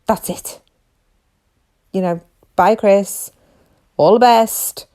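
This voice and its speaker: A woman hosting a podcast from her couch at home, ranting about true crime in an exasperated, animated way, full of rhetorical questions. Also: mid-range voice, extremely slow. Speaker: podcast host. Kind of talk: casual true-crime rant.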